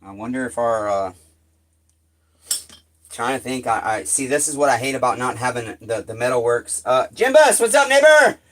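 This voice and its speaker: A fed-up man talks to his viewers as he works at his bench, his voice sitting at an ordinary middle pitch. He swears constantly and sounds worn down by the job. A faint background noise hangs in his workshop. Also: steady tone, moderate pace, pauses often. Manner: exasperated, heavy swearing; talks to viewers while working. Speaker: chainsaw repair streamer. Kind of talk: live workshop commentary. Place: home workshop shed.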